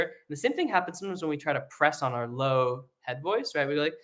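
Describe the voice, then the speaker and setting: A man's voice: on the high side, quick pace, hardly any pauses. Man teaching singing, live and casual. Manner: relaxed explaining with many fillers, breaking into sung vocal demos. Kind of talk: live online vocal lesson.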